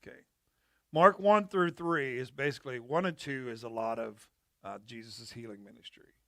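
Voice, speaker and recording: A man, a pastor, telling Bible stories in a casual, animated chat over coffee. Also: medium pitch, moderate pace, dry recording, studio quality. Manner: animated storyteller, laughs often.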